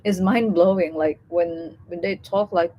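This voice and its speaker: Slow, hesitant Indonesian-accented young woman. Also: on the low side, fairly even intonation, dull audio, a little hiss or hum. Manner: hesitant, many fillers and restarts. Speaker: student speaker on a live session. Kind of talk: casual live talk.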